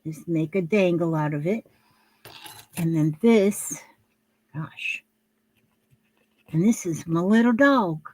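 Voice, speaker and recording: A woman's voice: fairly low pitch, slow pace, long pauses, a little mellow. An older woman talking casually to camera at home while she shows her handmade crafts, rambling and homey, with lots of fillers and restarts.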